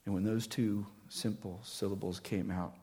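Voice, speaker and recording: A male pastor delivering a sermon, earnest and emphatic at times, dropping to a hushed whisper at others. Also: fairly low pitch, steady tone, normal speed.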